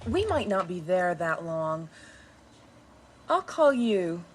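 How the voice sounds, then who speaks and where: A woman's voice: lowish voice, big pitch swings, slow pace. An actress playing a visiting tourist woman, teasing and a little flirty. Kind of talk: sitcom acting. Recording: noisy TV sitcom audio.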